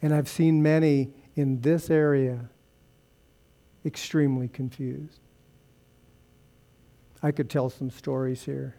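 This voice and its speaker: A man preaching a sermon in a church service, speaking earnestly and dropping soft when he prays. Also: medium pitch, level tone, slow pace, gravelly, pauses often. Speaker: pastor. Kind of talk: sermon and closing prayer.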